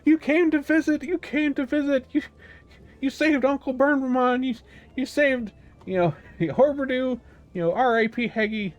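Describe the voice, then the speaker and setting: A man's voice: very high voice, normal speed, voice pushed up. A man voicing an eager little furry villager who gushes and repeats himself. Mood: excited.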